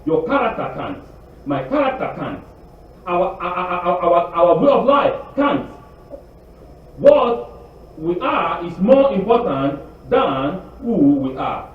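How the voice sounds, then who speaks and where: A man's voice: high voice, very animated, slow. A man preaching a sermon as a rabbi, emphatic and repeating his phrases for weight. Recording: very echoey room, distant dull lo-fi mic.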